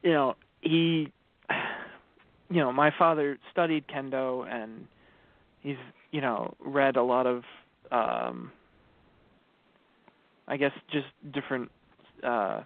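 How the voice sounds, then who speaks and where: A man talking casually on a podcast, unhurried and searching for words with frequent fillers. His pitch is middling. The audio is narrow and phone-like, with a dry, close sound. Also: creaky, dry recording. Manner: relaxed, hesitant with many fillers. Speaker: podcast co-host. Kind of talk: casual chat.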